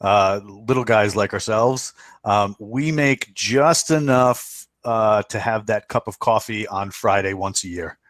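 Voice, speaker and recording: A man's voice: on the low side, measured pace, fairly bright tone, dry recording, studio quality. A man hosting a podcast over a remote call, talking casually and hesitantly with lots of "uh"s. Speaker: podcast host. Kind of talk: casual chat.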